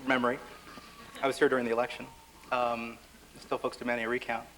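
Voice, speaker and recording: A man's voice: medium pitch, little pitch movement, fairly quick, fairly bright tone, rough recording. Wry man panelist, faint background hiss. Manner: wry, conversational, self-deprecating humor. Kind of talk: panel discussion. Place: lecture hall forum.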